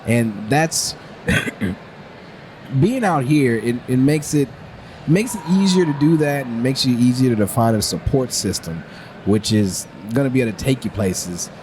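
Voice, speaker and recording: A male stand-up comedian guest chatting casually on a podcast, lively and quick to laugh, often acting out his own thoughts and restarting his sentences. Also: mid-range voice, a little hiss or hum. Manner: rambling with frequent restarts.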